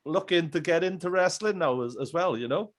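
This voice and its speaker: A man's voice: fairly high pitch, a little fast. A man hosting a casual interview, giving friendly, encouraging replies to his guest. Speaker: podcast host.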